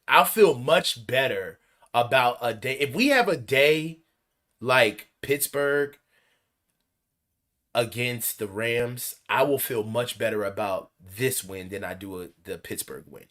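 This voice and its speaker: A man co-hosting a casual sports talk show as the coach, rambling with halting restarts and bursts of excitement. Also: mid-range voice. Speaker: football coach co-host.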